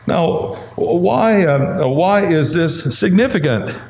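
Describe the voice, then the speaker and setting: A pastor whose voice is going hoarse, teaching a Bible study in a conversational way and asking the listeners questions. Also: male voice, fairly high pitch, expressive, slow pace, a little mellow.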